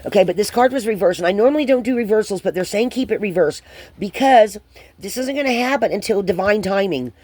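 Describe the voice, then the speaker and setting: A woman giving a channeled spiritual card reading to viewers, hesitant and rambling with many pauses and restarts. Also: medium pitch, animated, darkish tone, dry recording.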